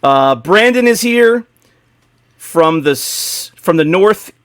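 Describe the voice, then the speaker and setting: A man's voice: sits high, expressive, slow, a bit bright, dry recording, studio quality. A man hosting a casual podcast, opening the show in an upbeat, joking way. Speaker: podcast host.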